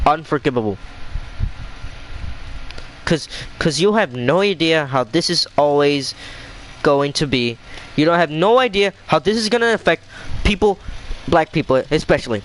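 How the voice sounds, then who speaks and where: A man's voice: on the high side, slight background noise, poor audio. A young man venting in a heated, swearing rant as a vlogger, repeating himself as he talks. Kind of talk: angry rant to camera.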